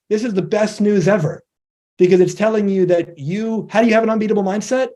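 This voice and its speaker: A man's voice: high-pitched, dark tone. A man presenting a motivational talk, explaining ideas step by step and acting out quoted dialogue.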